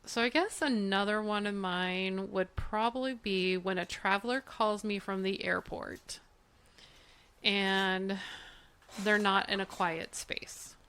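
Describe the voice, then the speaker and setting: A woman's voice: mid-range voice, fairly even intonation, takes it slowly, fairly bright tone, clear, resonant tone. Woman chatting casually, laughs easily. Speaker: podcast co-host. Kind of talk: casual chat.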